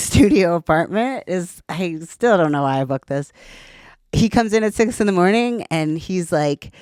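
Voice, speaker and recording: A woman's voice: sits low, a little mellow, no room sound, clean studio sound. A woman in her thirties, a podcast guest, telling her story in a candid, chatty way and swearing casually.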